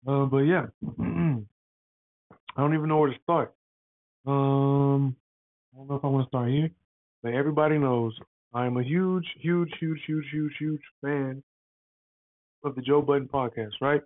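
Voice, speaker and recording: A man hosting a casual podcast, talking in an excitable, rambling way full of slang and fillers. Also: medium pitch, normal speed, pauses often. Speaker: podcast host. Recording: dry, tinny phone-like sound.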